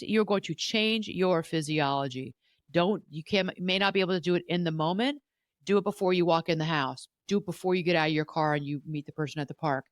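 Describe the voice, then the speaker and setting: A woman's voice: fairly low pitch, fairly quick, no echo, studio quality. A woman therapist hosting a podcast, giving earnest advice in a coaching tone and often repeating herself. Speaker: podcast host, family therapist.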